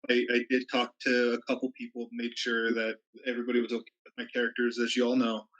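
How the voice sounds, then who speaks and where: A man talking to his tabletop group in a halting, measured way. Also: medium pitch, monotone, fairly bright tone, rough recording. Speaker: tabletop game player. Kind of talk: casual chat between players.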